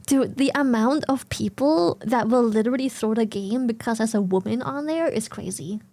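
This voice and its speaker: A young woman streamer from Germany or the Netherlands chats casually with viewers in a mellow, high-leaning voice at a moderate pace. She giggles often, swears freely and reads chat aloud.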